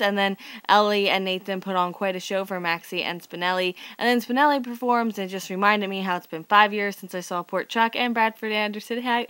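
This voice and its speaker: A woman's voice: mid-range voice, a bit bright, no room sound. A young woman in her twenties recapping a soap opera to camera, sarcastic and rambling, full of "like" and fed-up asides. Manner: exasperated, sarcastic, rambling with many likes. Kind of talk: casual chat to camera.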